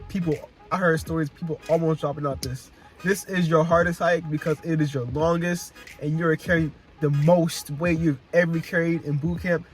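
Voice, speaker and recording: A young man telling casual, slang-filled stories to camera, often repeating himself and laughing as he talks. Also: on the high side. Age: young adult. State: emotional, close to tears. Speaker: vlogger recounting Marine boot camp. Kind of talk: casual chat.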